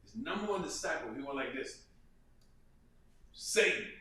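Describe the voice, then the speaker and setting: An animated, fast-talking man with a medium-pitched, slightly bright voice is an earnest guest in a casual interview. He acts out quotes and repeats phrases, and the recording comes from a distance in a room with echo.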